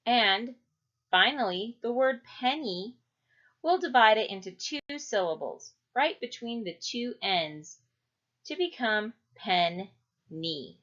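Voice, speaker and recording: A woman teaching a children's phonics lesson, speaking clearly and drawing out each syllable. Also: a little high, animated, fairly bright tone. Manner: slow, clear, stretching out syllables. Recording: dull lo-fi recording.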